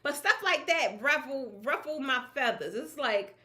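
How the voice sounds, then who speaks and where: Speaking to fellow professionals about her draping business, a woman keeps things relaxed and animated. Her voice sits high and her speed is normal, and she laughs a lot while talking in an emphatic, everyday way.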